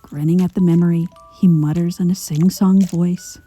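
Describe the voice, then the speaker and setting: Female narrator for a grim story read-aloud: very dark, husky, measured. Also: fairly low pitch, steady tone, faint music behind. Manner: measured, slipping into hushed whispers.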